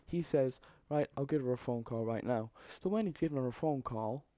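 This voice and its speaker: A young man telling a story in a casual, profane, animated way, with exasperated asides. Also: medium pitch, brisk, hardly any pauses, no echo. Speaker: vlogger.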